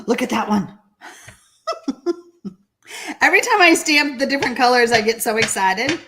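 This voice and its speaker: Texan lady doing a live card stamping class, high bubbly voice, chats with viewers. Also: measured pace. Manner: chatty, excitable, answers viewer comments. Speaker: card-making teacher. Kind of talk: live crafting tutorial.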